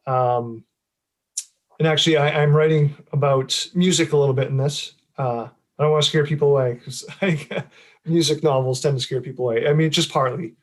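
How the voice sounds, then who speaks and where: A man's voice: a little high, fairly even intonation, a little fast. Chatty middle-aged man, rambling. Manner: rambling, many fillers and restarts, laughs often. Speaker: author. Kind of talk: casual interview chat.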